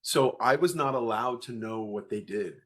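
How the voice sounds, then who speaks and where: A man in his thirties, a guest in an interview, speaks at a middle pitch. He tells family stories in a lively way. He acts out each exchange as he goes. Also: moderate pace. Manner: animated storyteller, acts out dialogue. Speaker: guest parent. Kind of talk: conversational interview storytelling.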